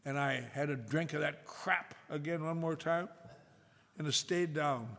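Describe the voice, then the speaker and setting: An older man telling a self-mocking story to an audience at a recovery meeting, with a wry, drawn-out delivery. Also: a little high, fairly bright tone. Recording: echoey hall with faint noise.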